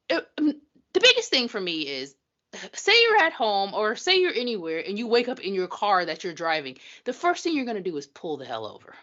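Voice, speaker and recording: A woman's voice: mid-range voice, fairly quick, highs cut off. A woman co-hosting a podcast, recapping a TV episode in casual chat and acting out quotes. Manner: animated, acts out quotes, swears. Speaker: podcast co-host.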